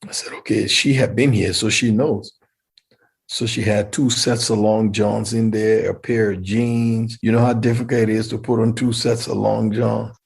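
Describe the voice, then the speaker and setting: Man, middle-aged, very raspy, gravelly, animated storyteller, interview guest. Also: fairly low pitch, moderate pace. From Liberia. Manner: animated storyteller who acts out quoted voices.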